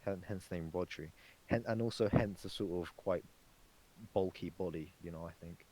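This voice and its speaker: A man's voice: low-pitched, normal speed, mellow, low-quality recording. A young man chatting casually on a podcast, rambling with lots of fillers and swearing. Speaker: podcast co-host. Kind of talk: casual chat.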